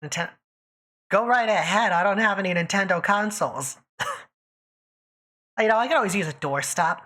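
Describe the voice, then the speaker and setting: A woman's voice: mid-range voice, animated, moderate pace, a bit bright. A woman streaming live, chatting casually and teasing her viewers by name while she draws.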